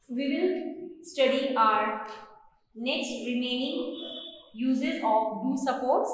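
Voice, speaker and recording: A woman with an Indian accent teaches a grammar class at a very slow, deliberate pace. Her voice sits a little high, and every point is laid out step by step. The room rings with heavy echo and a long reverb tail. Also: fairly bright tone. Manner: slow, careful explaining. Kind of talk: grammar lesson.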